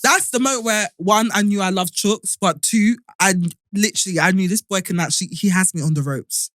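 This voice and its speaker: Animated woman, bright voice. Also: mid-range voice, brisk, dry recording, studio quality. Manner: animated, laughing storyteller. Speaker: podcast co-host. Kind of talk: casual chat.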